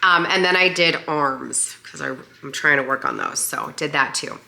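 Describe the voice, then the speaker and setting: A young woman with a hoarse, deep and raspy voice, chatting casually and upbeat in a lifestyle vlog. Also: huge pitch swings, moderate pace, pushed and bright. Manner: chatty, upbeat, many fillers. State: hoarse, voice partly lost. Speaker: lifestyle vlogger.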